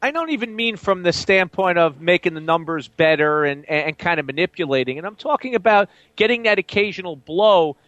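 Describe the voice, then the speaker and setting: A man's voice: sits high, lively intonation, brisk, few pauses, fairly bright tone, dry recording, highs cut off. A man hosting a sports radio talk show, conversational as he leads into questions. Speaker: radio host.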